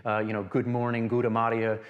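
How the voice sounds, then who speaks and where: A man's voice: mid-range voice, completely flat delivery, a little fast, muffled recording. A man being interviewed who explains everyday phrases in a hesitant way, with many ums and uhs. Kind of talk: explaining on camera.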